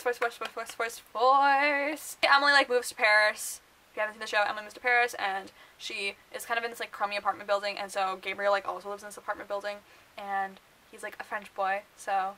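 A young woman rambling through casual book vlog commentary, full of fillers and quick laughs. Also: on the high side, pushed and bright, low-quality recording. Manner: chatty and rambling, many fillers, laughs often. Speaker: book vlogger.

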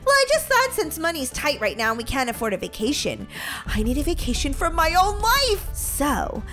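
A woman's voice: high voice, sing-song, normal speed, bright, forceful tone, soft background music, full character voice. A woman voicing a giddy, teasing mom who has turned herself into a kid in a game roleplay. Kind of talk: roleplay voice-over for a game video.

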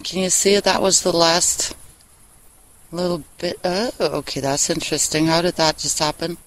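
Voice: medium pitch, little pitch movement, normal speed, a bit bright, low-quality recording. A vlogger in a casual, rambling personal chat who talks candidly, swears freely and laughs often, recorded outdoors on a handheld phone. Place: outdoors in a meadow, sitting on a wooden bench.

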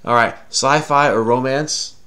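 In a medium-pitched voice that's pushed and bright, with fairly even intonation, a man speaks a little slowly. He is solving a crossword casually with a child, teasing good-naturedly and patiently explaining the clues.

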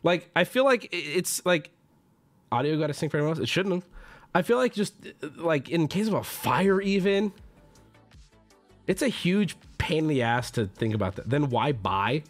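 A man chatting on a live stream with a fairly high voice that swings wildly up and down. He is excitable and swears casually, often jumping into loud, pitched-up outbursts before dropping back to easy chat. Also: normal speed, soft background music. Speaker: streamer opening card packs.

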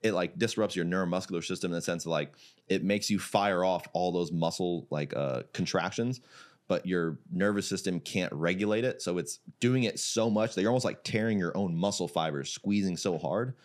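As a podcast guest, a man from Iraq who runs a jiu-jitsu gym shares a story in a low voice at a moderate pace. Laughter comes often, and so do swearing and the word "like" in his animated, casual delivery.

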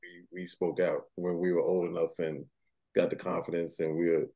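Male co-host, deep and warm, casual and emphatic. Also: little pitch movement, normal speed. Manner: slangy, emphatic, repeats words. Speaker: podcast co-host. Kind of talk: casual chat.

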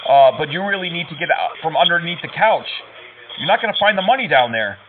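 A man prank-calling with a mocking, taunting tone and mock innocence. His voice sits a bit high and comes through a narrow, tinny phone line. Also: lively intonation, fast, a little hiss or hum. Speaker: prank caller.

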